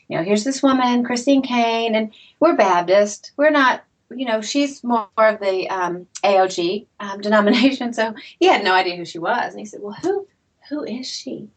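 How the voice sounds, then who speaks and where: A middle-aged woman, an interview guest and author, telling her story in a lively, self-deprecating way and laughing often. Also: mid-range voice.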